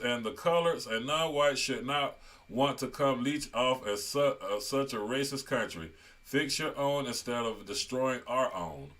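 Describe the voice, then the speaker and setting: Male commentary host, mid-pitched, casual, reads comments aloud. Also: a bit bright. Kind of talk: online commentary.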